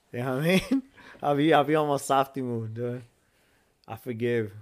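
A man's voice: mid-range voice, measured pace. A man co-hosting a casual podcast, telling a story with lots of swearing, laughter and Spanish slang. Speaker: podcast co-host. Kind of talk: casual chat.

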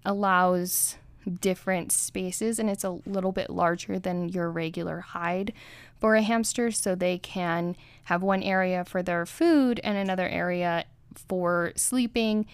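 A woman's voice: mid-range voice, clean tone, no room sound. A woman hosting her own podcast about pet care, talking in a chatty, upbeat way with small restarts. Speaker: podcast host. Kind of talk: casual solo podcast talk.

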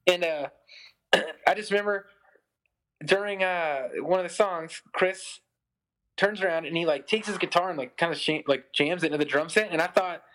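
Talking at a moderate pace with a voice that sits high, a musician in his thirties rambles through a long story on a casual podcast. As the guest, he says "like" a lot and acts out quotes in an animated way.

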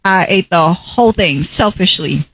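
A woman's voice: on the low side, a little slow, a bit bright. Giggly woman co-host telling a story. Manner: giggly storytelling, frequent laughter. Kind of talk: casual podcast banter.

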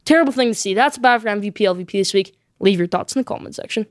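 Fast-talking emphatic woman sports host. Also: mid-range voice, background noise. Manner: emphatic, repeats points with frequent "okay?". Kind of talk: solo sports opinion talk.

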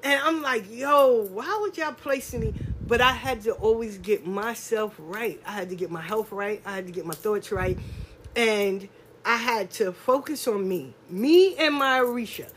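A little hiss or hum accompanies a medium-pitched, slightly bright woman's voice. Middle-aged and speaking on a podcast, she gives a candid, emphatic monologue of personal testimony about her life, heavy on street slang and profanity, with long, stretched stresses.

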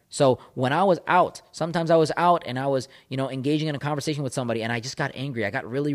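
Man, breakup coach, rapid-fire delivery, intense, emphatic, repeats lines for punch, talking into a mic. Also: medium pitch. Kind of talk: motivational monologue. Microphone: studio microphone.

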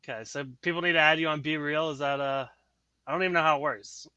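A man hosting a casual podcast, joking around and laughing between quick asides. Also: a little high, steady tone, sharp tone, smooth, dry recording. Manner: laughing, quick asides, self-mocking jokes. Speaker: podcast host. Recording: dull lo-fi audio.

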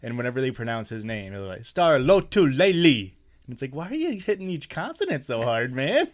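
A man's voice: mid-range voice, very animated, fast talker. A man co-hosting a podcast, joking around in casual banter, swearing freely and laughing often between rambling asides. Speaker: podcast co-host.

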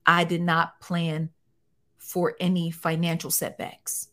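Expressive woman telling her story candidly. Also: lowish voice, slow pace. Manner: expressive, animated, with colloquial phrasing. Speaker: guest.

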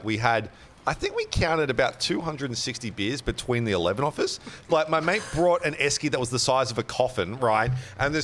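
Lively self-mocking man. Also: medium pitch, slight background noise. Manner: rambling, self-mocking, laughs mid-story. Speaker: comedy radio host. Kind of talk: casual comic storytelling.

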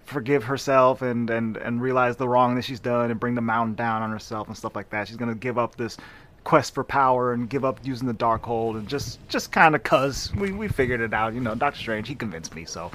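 A man hosting a casual podcast, reviewing a movie in an animated, jokey way. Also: medium pitch. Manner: animated, jokey, quick to riff and do voices. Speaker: podcast host.

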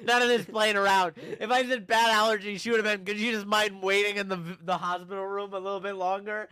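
A man hosting a podcast, telling a story casually and acting out the people in it with shouts and laughs. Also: high-pitched, fast talker, clear, resonant tone, no room sound. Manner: animated, acts out quoted people with shouts and laughs. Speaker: podcast host.

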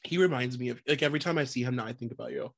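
A podcast co-host reads out gossip items in a casual chat, speaking rapid-fire in a medium-pitched voice. The delivery is loose and joking, with frequent laughter and casual swearing.

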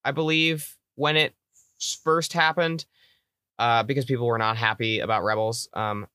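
Bright, crisp-voiced man in casual chat. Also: medium pitch, steady tone, normal speed, dry recording, clean studio sound. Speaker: podcast co-host. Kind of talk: casual fan discussion.

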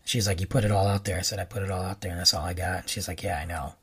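Racing along with a breathy edge, a man hosting his own podcast spins a meandering personal tale. He keeps it casual and lively, his voice shooting high on excited reactions.

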